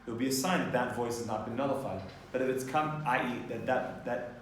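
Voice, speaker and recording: A man teaching a Torah class, explaining in a lively way and mixing in Hebrew terms. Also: mid-range voice, a little fast, slight background noise. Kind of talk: informal class lecture. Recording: echoey room, distant mic, faint ambience.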